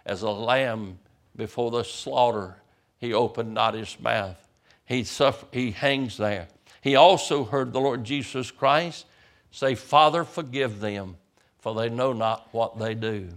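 A man's voice: mid-range voice, a little slow, fairly bright tone. A man, a pastor, preaching a sermon as vivid storytelling, often stammering over the first words of a sentence.

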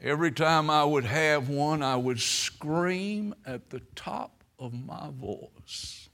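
A man preaching a sermon, telling stories and swelling into loud, emphatic preaching. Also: a little high, slow pace.

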